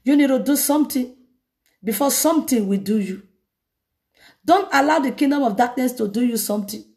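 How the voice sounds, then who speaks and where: A woman evangelist preaching a lively sermon, telling a story dramatically. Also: sits high, a little fast. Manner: animated, laughing, dramatic retelling.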